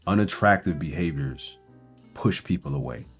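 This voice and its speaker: A man's voice: rumbling low, expressive, moderate pace, breathy edge, soft background music. A man speaking as a breakup coach in a motivational self-help talk. He is earnest and builds his points through strings of rhetorical questions.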